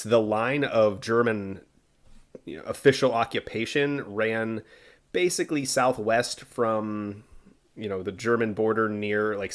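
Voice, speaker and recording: Guy telling a history story on a podcast, kinda low voice, laid back with lots of "you know"s. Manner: relaxed storytelling with fillers and asides. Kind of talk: casual history podcast narration.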